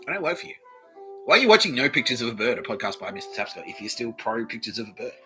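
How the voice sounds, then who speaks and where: Bright-voiced profane man ranting. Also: medium pitch, very animated, rapid-fire, soft background music, low-quality recording. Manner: profane, rambling, swinging between loud outbursts and mutters. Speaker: podcast host. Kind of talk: rambling comedic monologue.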